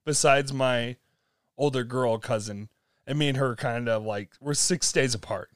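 A man's voice: mid-range voice, unhurried, clear, resonant tone, dry recording, studio quality. A young man casually telling a long story, laughing often and acting out the people in it. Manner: animated storytelling with laughs and acted-out quotes. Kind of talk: casual chat.

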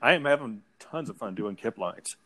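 A man's voice: medium pitch, normal speed. A middle-aged man co-hosting a podcast, chatting casually about a film and quoting its lines. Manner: relaxed storyteller, quotes film lines. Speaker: podcast co-host. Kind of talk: casual movie chat.

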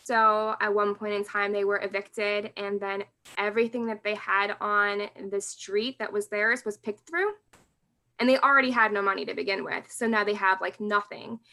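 Her voice is mid-range with a sharp edge, fairly even intonation, and a moderate pace. She's a podcast guest telling personal stories about her late father, candid and emotional, laughing her way through the painful bits.

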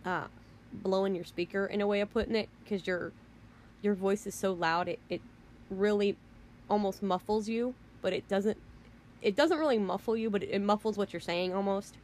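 A woman's voice: mid-range voice, normal speed, a little mellow, a little hiss or hum. A woman vlogger delivering a rant, emphatic and rambling, who keeps repeating herself. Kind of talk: ranting monologue.

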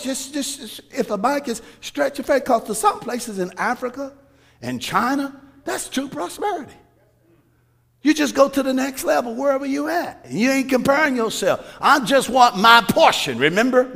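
A pastor preaching a sermon with emphatic rhetorical questions. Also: male voice, very high voice, gravelly, pushed and bright. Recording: reverberant hall.

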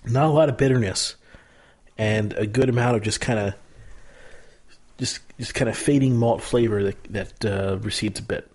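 A man co-hosting a casual beer tasting podcast, hesitant and searching for words, quick to laugh. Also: fairly low pitch, a little mellow. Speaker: podcast co-host.

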